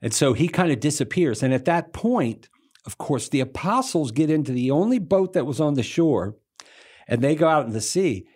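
Animated man teaching scripture casually. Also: on the high side, moderate pace, breathy edge. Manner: animated, acts out the crowd and Jesus in quoted voices; playful, slangy asides. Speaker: Bible teacher on a broadcast.

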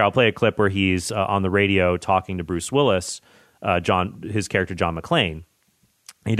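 Low-voiced podcaster rambling about films. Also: male voice, no echo, studio quality. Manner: enthusiastic, rambling, excited tangents. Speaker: podcast host. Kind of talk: casual movie chat.

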